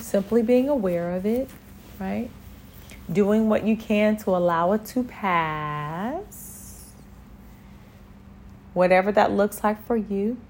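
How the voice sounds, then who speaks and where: Slow, gentle woman giving spiritual reassurance. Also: medium pitch, a little hiss or hum. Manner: gentle, repetitive, reassuring affirmations; speaks directly to the listener, asking if they follow. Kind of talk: spiritual encouragement talk.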